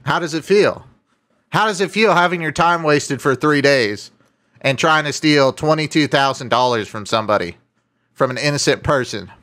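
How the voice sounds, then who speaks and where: A man streaming a scam-baiting call, excitable and swearing freely as he laughs and gushes. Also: on the high side, moderate pace. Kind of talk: casual streamed prank call.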